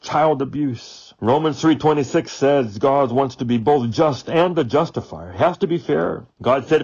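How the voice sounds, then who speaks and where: Guy preaching a daily devotional, earnest, asks lots of questions, raspy-fry voice, kinda muffled audio. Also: medium pitch, lively intonation, normal speed, few pauses. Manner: earnest, rhetorical questions, swings from loud to hushed. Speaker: preacher and radio show host.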